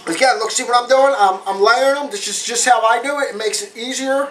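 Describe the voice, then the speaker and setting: A man's voice: very high voice, a little fast, a bit bright, a little hiss or hum. A man hosting a casual cooking demonstration, chatty and repeating his phrases with street slang. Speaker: home cooking show host.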